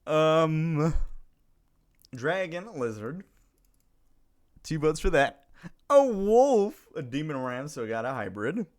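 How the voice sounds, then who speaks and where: A man streaming live, chatting casually with his viewers, reading their messages aloud and greeting them in a playful way, with lots of giggling and sudden bursts of excitement. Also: fairly high pitch, slow, long pauses.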